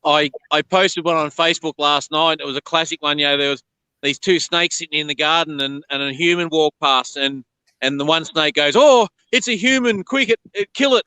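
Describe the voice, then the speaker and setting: An Australian man who relocates snakes, chatting bluntly and telling stories in an animated way. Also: on the high side, fairly quick, clean tone, no echo, poor audio. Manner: animated, blunt, indignant storyteller. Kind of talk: casual chat on a video call.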